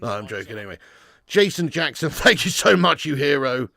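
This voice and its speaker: A man from England hosts a live match watch-along, reading viewer messages and ranting about his team. His voice sits a little high and sounds crisp and bright. It is recorded dry and close to the mic. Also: sing-song, fairly quick, no echo. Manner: banter-heavy, shouts in mock outrage, reads out super chats. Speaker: football fan channel host.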